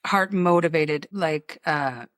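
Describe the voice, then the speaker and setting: A woman's voice: sits low, slow, no room sound. Chatty woman podcast host, dry close sound. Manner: chatty, storytelling with asides and impressions. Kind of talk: casual chat.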